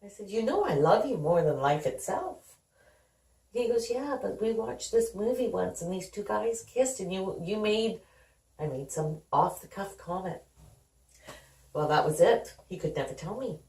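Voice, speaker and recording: A woman's voice: mid-range voice, animated, moderate pace, warm tone. A middle-aged woman telling her family's story in an interview, conversational and acting out the dialogue. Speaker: guest. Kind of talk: candid personal storytelling. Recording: roomy sound, distant from the mic.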